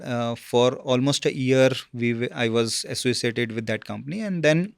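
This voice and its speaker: A man, a guest telling his career story in a casual interview, halting with many fillers and "okay?" check-ins. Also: medium pitch, creaky, clear, resonant tone, no room sound, clean studio sound.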